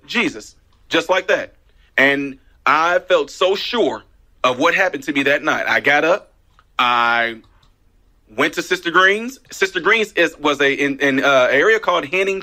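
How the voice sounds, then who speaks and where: A man, a minister hosting a talk radio show, telling his story in a casual, animated way with emphatic repeats. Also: medium pitch. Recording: radio broadcast.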